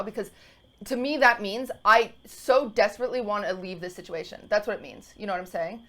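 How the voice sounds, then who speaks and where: A woman's voice: mid-range voice, steady tone, fairly quick, fairly bright tone. A woman in her twenties co-hosting a podcast, telling a long story in a rambling, emotional way full of fillers and restarts. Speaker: podcast co-host. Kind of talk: casual storytelling chat.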